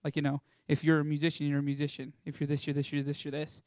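A man's voice: fairly high pitch, monotone, fast, darkish tone, dry recording, studio quality. A young man of about eighteen from Texas, giving a casual, rambling testimony talk about a mission trip, with lots of fillers. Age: young adult, about 18.

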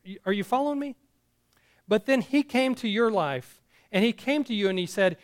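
High-voiced pastor preaching. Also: male voice, animated, normal speed. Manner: earnest, with frequent restarts and call-outs to the congregation. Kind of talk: sermon.

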